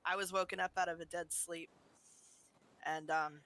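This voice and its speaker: A woman's voice: on the low side, fairly even intonation, normal speed, fairly bright tone. A woman sharing a story at a memorial for a friend, laughing now and then as she talks. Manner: storytelling, laughs between lines. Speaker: roleplay community member.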